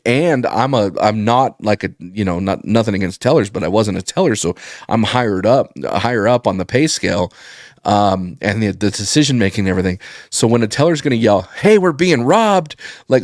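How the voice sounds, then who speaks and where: A man telling a rambling, profane story in casual podcast chat, getting animated when he quotes people. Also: on the low side, no room sound, studio quality. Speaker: podcast guest.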